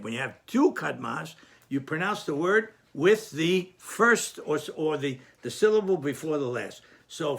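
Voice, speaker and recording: A man's voice: on the high side, a bit bright. A man teaching a lesson, patient and explanatory, often repeating and restarting phrases. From Sephardic Jewish community.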